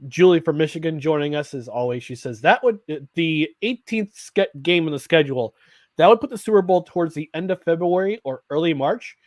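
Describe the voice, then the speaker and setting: A man's voice: fairly high pitch, animated, a little fast, darkish tone, no room sound. A man co-hosting a live sports talk show, rambling with restarts and reading viewer comments aloud. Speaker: podcast co-host.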